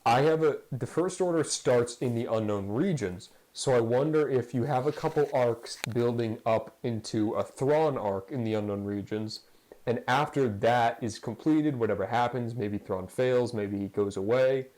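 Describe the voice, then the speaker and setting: A man's voice: mid-range voice, moderate pace, a little mellow, poor audio. A man hosting a casual fan podcast, talking in a rambling, jokey way. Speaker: podcast host.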